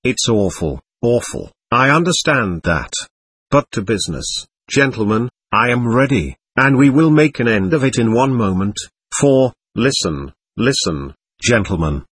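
A man reading an excitable, slightly drunk man under interrogation, who pleads nervously and repeats himself. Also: medium pitch, unhurried, breathy edge, dry recording, exaggerated voice. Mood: eager. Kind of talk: audiobook reading.

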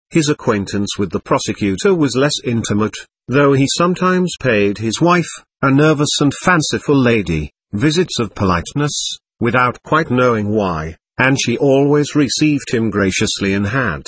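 A man narrating a classic novel as an audiobook in a steady, unhurried way. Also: medium pitch, husky.

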